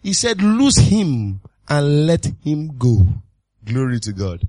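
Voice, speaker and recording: A man preaching a sermon as pastor, exuberant and full of repeated calls and sudden shouts. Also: on the high side, sing-song, slow pace, no room sound.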